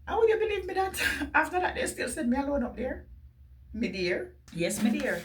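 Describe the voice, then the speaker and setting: A woman's voice: sits high, big pitch swings, normal speed, far from the mic. A woman with a Jamaican accent telling viewers a personal story in an emotional, earnest way, often speaking straight to them.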